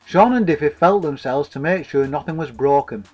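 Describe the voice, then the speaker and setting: A man's voice: a little high, expressive, moderate pace, a little mellow, soft background music, rough recording. Man narrating a comic story dryly. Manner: dry, wordy mock-formal telling.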